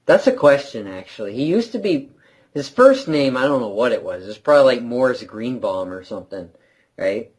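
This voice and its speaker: A man's voice: mid-range voice, sing-song, moderate pace, breathy edge, poor audio. A man co-hosting a casual late-night podcast, rambling, trailing off and laughing often. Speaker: podcast co-host.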